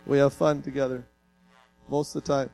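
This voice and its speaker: A man's voice: medium pitch, level tone, normal speed, gravelly, darkish tone, rough recording. A male pastor from Canada preaching a sermon in an earnest, folksy way, mixing plain stories with light self-deprecating jokes and growing emotional.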